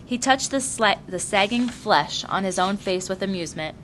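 A woman reads a novel aloud in a calm, steady storytelling voice. Her pitch is mid-range for a woman, and faint noise sits under the reading. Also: normal speed. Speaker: reader.

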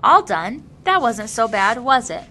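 A woman voicing a gentle grown man who cares for newborns, often in soft cooing baby-talk. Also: medium pitch, normal speed, a little hiss or hum, natural voice, poor audio.

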